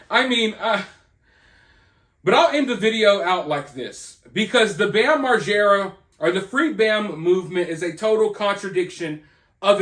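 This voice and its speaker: A man's voice: high voice, a bit bright. A man hosting a commentary video, ranting in a sarcastic, mocking way. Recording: roomy echo.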